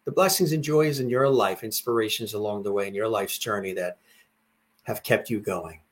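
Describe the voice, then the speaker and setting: A man's voice: on the low side, moderate pace. A man hosting an interview, asking long, affirming, rambling questions. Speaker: interview host.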